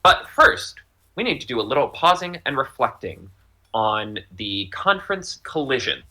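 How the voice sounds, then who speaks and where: A man co-hosting a casual chat podcast, riffing and rambling with a jokey, offhand manner. His voice is very bright and forward. His pitch swings widely as he talks. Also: big pitch swings, normal speed. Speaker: podcast co-host.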